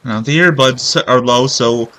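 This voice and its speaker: A man's voice: mid-range voice, a little slow, fairly bright tone, no echo, low-quality recording. A man streaming a video game, rambling in casual commentary with sarcastic jokes and frequent swearing.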